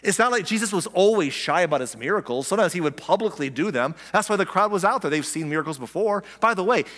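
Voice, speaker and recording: A man delivering a sermon with a slightly high-pitched voice, talking to his listeners as if in a relaxed conversation. He keeps asking them questions and acts out the lines he quotes. His voice carries a long reverb from a large hall. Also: fast talker. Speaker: pastor.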